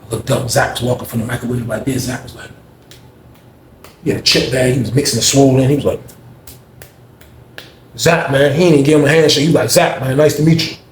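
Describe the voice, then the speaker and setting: A man casually telling a story in a slangy, animated way, recorded in an echoey room. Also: mid-range voice, fast, slight background noise.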